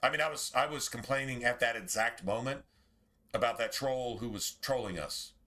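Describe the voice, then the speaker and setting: A man with a medium-pitched, sharp voice at a moderate pace streams a game in casual livestream chat. Profane and rambling, he talks directly to chat.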